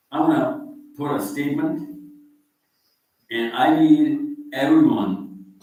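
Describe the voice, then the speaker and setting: Pakistani-accented male speaker, needles the audience, distant mic, booming echoey hall. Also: darkish tone. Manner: teasing, provocative, quizzes the crowd. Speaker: guest speaker. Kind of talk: mosque talk to an audience. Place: large echoey mosque hall.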